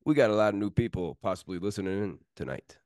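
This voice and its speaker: A male podcast host with a notably low voice, easygoing and friendly as he chats sports. The recording is dry, with no room sound. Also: expressive, fast, darkish tone, no echo, soft background music. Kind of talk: casual sports podcast chat.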